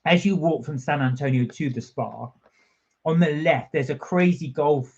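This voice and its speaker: A man's voice: a little high, moderate pace, darkish tone. Eager man chatting on a lo-fi stream. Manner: eager, snacking while talking, reads viewer comments aloud. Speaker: vlog co-host. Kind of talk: casual live-stream chat. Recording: dull lo-fi home stream audio.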